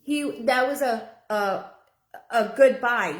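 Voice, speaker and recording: A woman's voice: a little high, unhurried. Earnest woman medium, echoey room. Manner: earnest, repeats phrases, relays a spirit's words in first person. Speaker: psychic medium doing a live reading. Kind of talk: live-stream spirit reading.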